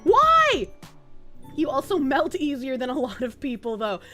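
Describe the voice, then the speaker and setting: A brash woman streamer from New England rants and reads chat messages with frequent laughter. Her voice is high and swings widely in pitch. Faint music plays in the background. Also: huge pitch swings, unhurried, sharp tone. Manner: brash, profane, laughing often. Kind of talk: casual live-stream chat, reading chat messages.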